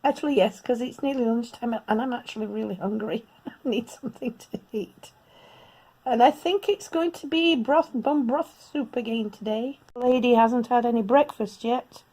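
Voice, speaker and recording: In a casual home vlog, a fifty-something woman talks about her day, short of breath, frequently laughing and talking sweetly to her cats. Her voice is fairly high and mellow, at a normal pace.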